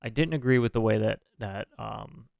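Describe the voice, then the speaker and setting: A man's voice: lowish voice, normal speed, gravelly, darkish tone, no echo. A man co-hosting a casual wrestling podcast, reading out a news update with lots of fillers and apologies. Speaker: podcast co-host.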